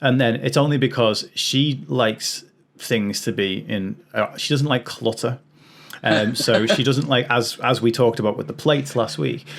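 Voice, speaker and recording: A man's voice: medium pitch, unhurried. Chatty man, podcast host. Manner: chatty, laughs often, many restarts. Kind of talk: casual chat.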